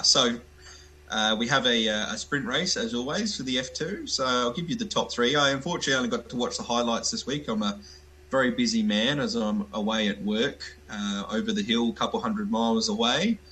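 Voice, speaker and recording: Bright-voiced man calling in remotely. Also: medium pitch, rough recording. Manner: halting, many ums and uhs. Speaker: co-host. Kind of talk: casual chat. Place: calling in from far away.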